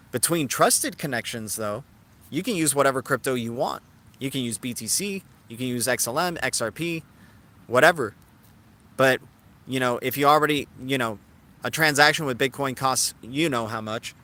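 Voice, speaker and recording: A man hosts a live stream in a loose, chatty way, answering viewers in the chat as he goes. His voice is bright and sharp, sitting at an ordinary middle pitch. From Cuban heritage. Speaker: crypto livestream host. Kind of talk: casual live-stream commentary.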